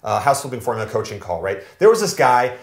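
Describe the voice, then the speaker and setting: A man, a real estate investor, giving casual, energetic business advice and telling stories. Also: mid-range voice, fast, reverberant. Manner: energetic, animated storytelling.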